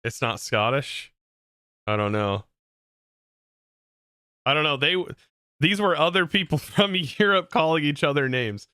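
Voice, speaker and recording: A man's voice: on the high side, lively intonation, measured pace, pauses often, sharp tone, smooth, dry recording, studio quality. A man streaming a game, chatting casually in a rambling way with restarts. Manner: rambling, with frequent restarts and laughs. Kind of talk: casual gameplay livestream chat.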